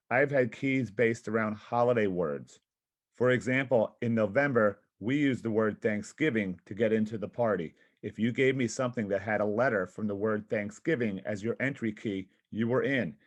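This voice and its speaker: A man presenting a physical education workshop, upbeat and encouraging as he explains a team-building game. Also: lowish voice.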